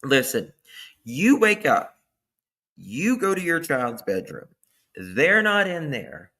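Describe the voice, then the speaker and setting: Slow-talking, bright-voiced male stream host. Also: a little high. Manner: chatty, thanks viewers by name, animated asides. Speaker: livestream host. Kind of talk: casual true-crime commentary chat.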